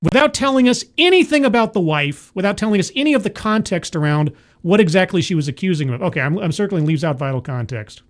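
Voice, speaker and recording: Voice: medium pitch, lively intonation, quick pace. A streamer doing sarcastic, exasperated commentary on a video during a live stream.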